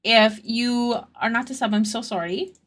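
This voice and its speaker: A woman's voice: on the high side, fairly even intonation, normal speed, fairly bright tone, slight background noise. A woman chatting casually on her art live stream, thanking viewers and answering chat, with an occasional stutter. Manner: stutters at times.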